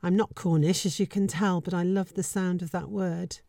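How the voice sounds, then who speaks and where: A woman's voice: on the low side, fairly even intonation, normal speed, creaky, dark tone, dry recording, studio quality. An older woman hosting a podcast, narrating a scripted story with wry, self-mocking humour. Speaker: podcast host.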